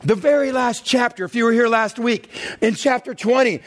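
A middle-aged man preaching a sermon with dramatic swings between loud and hushed delivery. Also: very high-pitched, normal speed. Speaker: pastor.

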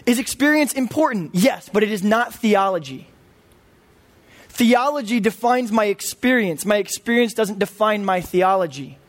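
A man's voice: high voice, expressive, normal speed. A man in his thirties preaching a sermon, earnest and emphatic. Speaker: pastor.

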